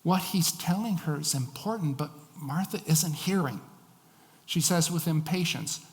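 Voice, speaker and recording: A man's voice: a little high, unhurried. Man preaching in a reverberant hall. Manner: reads scripture aloud and explains it; acts out quoted lines with rising emphasis. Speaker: pastor. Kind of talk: sermon.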